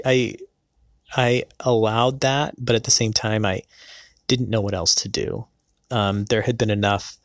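A man speaks in a lowish voice, slow to find his words and stopping often with filler sounds. His tone stays earnest and low-key. The sound is close and dry, with no room around it. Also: no echo. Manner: hesitant, many pauses and filler sounds. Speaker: person recounting a past marriage. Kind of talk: personal storytelling.

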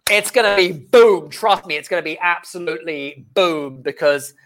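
A man hosts an interview in a somewhat high voice. He speaks with emphasis, pausing on "um" as he gathers his thoughts before landing his point firmly. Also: fairly bright tone. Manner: emphatic, with halting "um" fillers. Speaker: host. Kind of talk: conversational interview.

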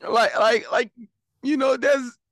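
A man's voice: extremely high pitch, fairly even intonation, slow, a bit bright, no room sound, clean studio sound. A man co-hosting a podcast in casual chat, bantering and asking questions. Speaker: podcast co-host.

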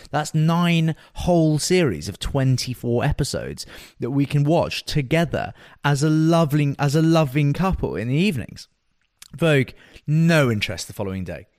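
A man's voice: on the high side, lively intonation, a little fast. A man co-hosting a podcast, bantering and teasing in a casual, exclamatory way. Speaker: podcast co-host. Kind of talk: casual bickering chat.

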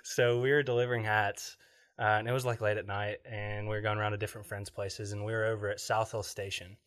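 A man with a somewhat low voice co-hosts a casual podcast chat. He tells stories with frequent laughter and a loose, rambling delivery. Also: flat delivery, quick pace, a bit bright. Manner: laughs often while telling stories. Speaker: podcast co-host.

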